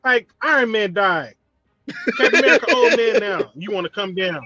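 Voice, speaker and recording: A man in casual chat, ranting and joking with animated energy. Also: sits high, normal speed, dull audio, crowd noise. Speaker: podcast host.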